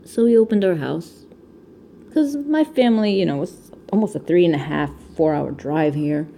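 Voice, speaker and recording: A rambling, chatty woman in her thirties with a Connecticut accent talks casually into her camera at home. Her voice sits low, dark and gravelly, with a faint background hiss. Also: animated, normal speed. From Connecticut, USA. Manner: rambling, chatty, laughs often. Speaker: crafting vlogger. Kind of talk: casual chat while diamond painting. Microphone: camera mic.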